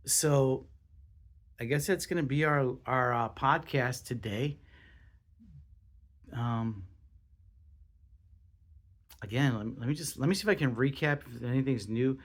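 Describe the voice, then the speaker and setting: A young man hosting his own podcast, talking casually in an excitable, rambling way with lots of swearing and restarts. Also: mid-range voice, a little slow, pauses often. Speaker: podcast host. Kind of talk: casual solo podcast monologue.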